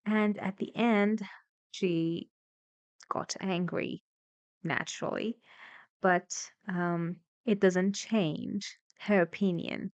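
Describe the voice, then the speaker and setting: A woman's voice: medium pitch, fairly even intonation, dry recording, highs cut off. A woman English teacher explaining a listening exercise in a video lesson, patient and encouraging. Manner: patient, encouraging, slightly halting.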